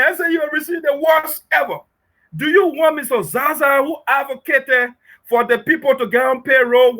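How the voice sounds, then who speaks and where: A man's voice: very high-pitched, pushed and bright. A man giving impassioned political commentary, emphatic and rhetorical, often asking "okay?". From Liberia.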